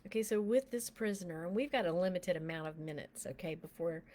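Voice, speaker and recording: Soft-spoken woman leading a guided prayer. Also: lowish voice. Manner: soft, slow and often whispered while guiding prayer; gets emotional and animated while telling the story. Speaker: minister.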